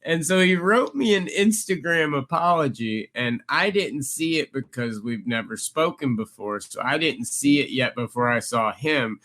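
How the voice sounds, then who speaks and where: A man co-hosting a podcast, telling stories casually and acting out the people he quotes. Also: mid-range voice. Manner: animated storyteller, acts out quoted people in a raised voice. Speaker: podcast co-host.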